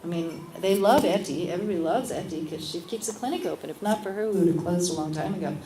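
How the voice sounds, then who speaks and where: Lively storytelling woman, echoey room. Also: lowish voice, fast, over a noisy crowd. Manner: animated, acts out other people's lines. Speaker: guest, midwife. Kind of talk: casual storytelling at a live interview. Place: event space at a lunch gathering. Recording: echoey room with background noise.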